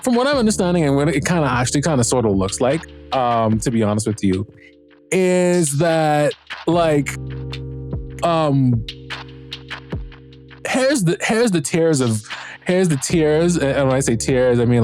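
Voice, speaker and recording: A man of ordinary pitch talks through a show review on his own podcast in a loose, rambling way. He restarts sentences constantly and swears freely. Faint music sits underneath the voice. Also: animated, a little slow, darkish tone. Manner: rambling, profane, frequent fillers and restarts. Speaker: podcast host reviewing a TV series. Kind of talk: casual solo review chat.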